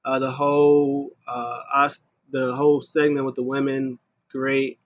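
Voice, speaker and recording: A man giving a casual solo review of a wrestling show, rambling with many ums and getting loud when he mimics an announcer. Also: medium pitch, flat delivery, unhurried, dull audio.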